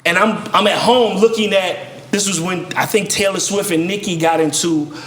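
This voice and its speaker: A man from Virginia spins a story in casual chat, doing the voices of the people he quotes. His voice sits high for a man. The room rings with echo. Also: moderate pace, a little hiss or hum. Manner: animated storyteller, acts out quotes. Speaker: guest rapper and songwriter.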